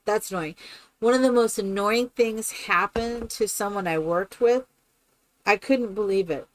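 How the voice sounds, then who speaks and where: A woman's voice: mid-range voice, a little slow, no room sound. A woman chatting casually and rambling with many fillers while she builds in a game on a live stream.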